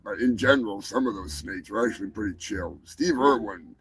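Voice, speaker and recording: A man hosting a crude live show, rambling and swearing, jumping from loud outbursts to mumbled asides. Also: fairly low pitch, fairly quick, poor audio. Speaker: show host. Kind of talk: crude live-stream rant. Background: music.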